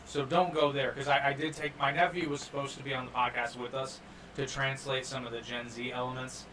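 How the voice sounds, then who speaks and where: Animated man on a distant mic. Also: mid-range voice, brisk. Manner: animated, joking, lots of restarts. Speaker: podcast co-host. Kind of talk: casual chat and film review. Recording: distant mic, faint room noise.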